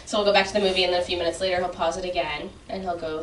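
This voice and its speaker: Soft-spoken woman, lowish voice, distant and roomy. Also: flat delivery, racing, hardly any pauses, a little hiss or hum. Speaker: comedy class student. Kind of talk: reading a stand-up bit in class. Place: class room. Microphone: far room mic. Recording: roomy distant room recording.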